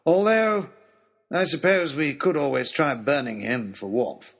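A man voicing a gruff, imperious older aristocratic lord who talks in a snappish, scornful way, as a storybook character. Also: on the high side, measured pace.

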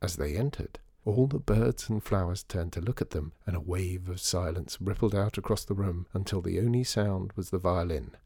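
A man narrating a storybook in an expressive, lively reading. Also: deep voice, normal speed, few pauses, slightly rough, no echo, clean studio sound.

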